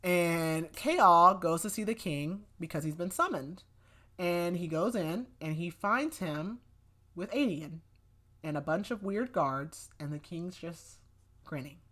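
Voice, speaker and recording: A young adult woman hosting a podcast casually recaps a book's plot, full of "like" fillers and loosely acted-out quotes. Her voice is lowish and a bit bright, with lively intonation and a slow pace.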